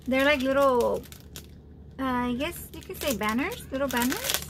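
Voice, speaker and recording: High-voiced gushing woman vlogger. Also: normal speed, a little hiss or hum. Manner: gushing and excitable, frequent exclamations. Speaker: craft vlogger opening birthday challenge mail. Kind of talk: casual unboxing chat.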